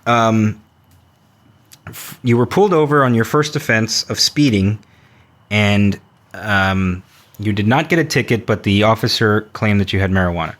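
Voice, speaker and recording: A man's voice: fairly low pitch, normal speed, fairly bright tone. A man co-hosting a podcast, chatting casually and reacting playfully to a friend's story. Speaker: podcast co-host. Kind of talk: casual chat.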